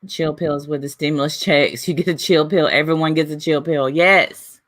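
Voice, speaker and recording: A woman's voice: low voice, fairly even intonation, moderate pace, a bit bright. A woman in her forties hosting a casual livestream, chatting and reading viewer comments aloud. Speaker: livestream host reading chat.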